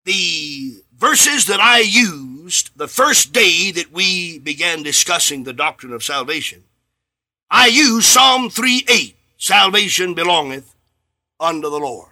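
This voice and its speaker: A man delivers a radio sermon in a bright, piercing voice with a high, lively pitch. He preaches slowly and emphatically, rising to loud swells and sinking to near-hushed lines, and briefly acts out little conversations as he goes. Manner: acts out bits of dialogue in his sermon.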